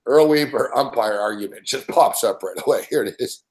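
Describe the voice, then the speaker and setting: A man hosting a sports betting show, telling stories in a profane, excitable way and laughing often. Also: mid-range voice, fairly quick. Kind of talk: casual sports chat.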